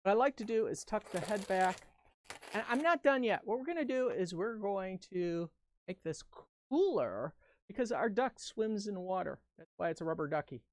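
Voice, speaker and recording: A woman's voice: mid-range voice, expressive, moderate pace, darkish tone, no echo. A woman giving a live-stream balloon-twisting tutorial, talking through each step in a chatty, upbeat way and joking with viewers. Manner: playful asides and jokes to viewers. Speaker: balloon artist and instructor.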